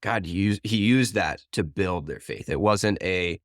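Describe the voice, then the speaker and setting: A man's voice: low voice, a little slow, no echo, clean studio sound. A man co-hosting a podcast who reflects on a Bible passage in a thoughtful, searching way and sometimes hesitates. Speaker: podcast co-host. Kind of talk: conversational Bible discussion.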